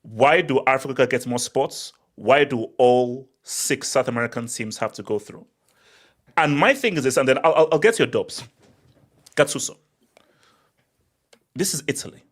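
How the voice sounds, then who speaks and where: Man, football show host, casual chat, animated, teasing, middle pitch. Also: moderate pace, pauses often. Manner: animated, teasing, interrupts with repeated words.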